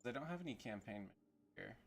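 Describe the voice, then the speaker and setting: A man's voice: lowish voice, lively intonation, fast, gravelly, breathy edge, soft background music. A man with a Southern American accent streaming a video game, joking and rambling casually as he plays. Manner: jokey, rambling, self-mocking. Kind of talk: casual gaming stream commentary.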